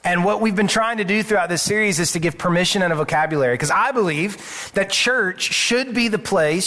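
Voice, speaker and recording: A man's voice: sits high, pushed and bright. Earnest male pastor preaching conversationally. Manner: earnest, conversational preaching with repeated words and restarts. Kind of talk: sermon. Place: church sanctuary.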